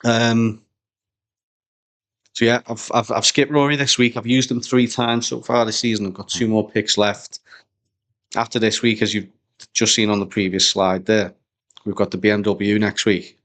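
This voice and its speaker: A man's voice: on the low side, flat delivery, moderate pace, pauses often, a bit bright. A young man, co-hosting a casual podcast chat in a rambling, slangy way. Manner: chatty, rambling, slangy banter. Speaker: podcast co-host.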